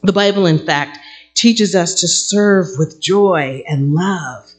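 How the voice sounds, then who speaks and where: A woman's voice: on the low side, takes it slowly, slightly rough, soft background music. A woman pastor giving a conversational sermon, acting out little everyday scenes as she preaches.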